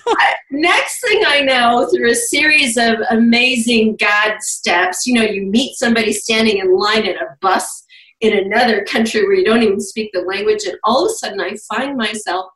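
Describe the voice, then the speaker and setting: A woman's voice: a little high, normal speed, fairly bright tone. A middle-aged woman, a guest coach in an interview, telling stories with enthusiasm and frequent laughter. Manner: enthusiastic storyteller, laughs often. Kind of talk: conversational interview. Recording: roomy, distant from mic.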